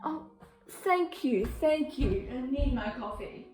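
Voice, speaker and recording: A woman's voice: sits high, expressive, slow, music in the background. A teenage girl performing a comic solo stage scene as a gushing, exasperated reality show host. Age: teens. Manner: dramatic, gushing, exasperated asides. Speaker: student actor playing a reality show host.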